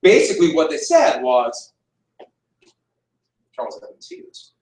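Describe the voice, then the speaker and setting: A man's voice: high-pitched, huge pitch swings, a little slow, gravelly, a little mellow. A man teaching a class, making his points emphatically and repeating them. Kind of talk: classroom lecture. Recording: echoey room, mic far off.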